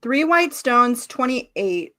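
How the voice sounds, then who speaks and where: A woman's voice: a little high, big pitch swings, slow, sharp tone. Playful woman in casual chat. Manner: playful, mimics voices. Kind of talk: casual chat and reading aloud.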